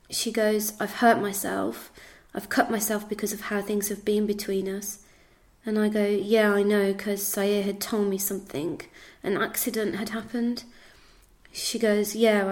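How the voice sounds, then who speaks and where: Medium-pitched and a little mellow, the voice belongs to an English woman interviewee telling her own account of events. She repeats what people said and scatters many fillers through her speech.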